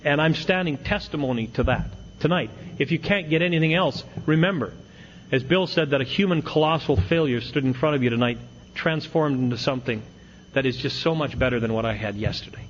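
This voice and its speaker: A man's voice: on the high side, brisk. A middle-aged man telling a self-mocking recovery story to a meeting, with wry humor. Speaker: AA speaker. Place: meeting hall with audience. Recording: dull lo-fi tape with faint hiss.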